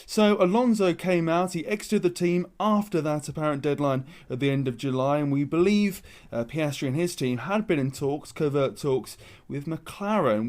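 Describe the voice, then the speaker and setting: Guy on a sports podcast, opinionated, gets louder and higher on his points. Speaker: podcast co-host. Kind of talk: casual chat, reading news.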